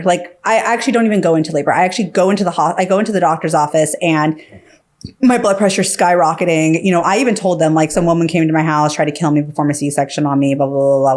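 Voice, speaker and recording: Chatty woman telling a story, lower voice. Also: darkish tone. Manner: filler-heavy, acts out quoted dialogue. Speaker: podcast guest. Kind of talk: casual storytelling.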